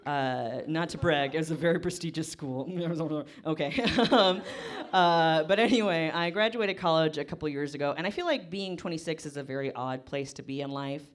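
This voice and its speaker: A woman in her twenties from Kansas doing live stand-up, rambling fast and poking fun at herself on a comedy stage. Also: low voice. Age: 20s. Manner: fast, rambling, self-deprecating.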